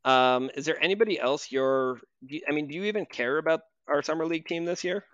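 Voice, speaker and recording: A man's voice: a little high, fast talker, fairly bright tone, no echo, highs cut off. A man co-hosting a casual basketball podcast, talking loosely with fillers and restarts. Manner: conversational with frequent fillers and restarts. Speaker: podcast co-host.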